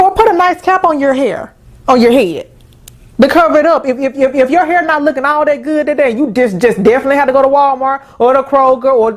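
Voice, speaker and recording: A woman hosting a casual advice talk, emphatic and folksy, often stumbling over restarts. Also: sits high. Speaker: host.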